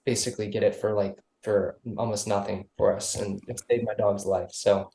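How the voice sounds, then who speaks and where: Rambling male guest, low voice, roomy sound. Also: steady tone, moderate pace, creaky, warm tone, a little hiss or hum. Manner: loose and rambling, many restarts. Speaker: musician guest. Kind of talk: casual interview chat. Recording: roomy echo.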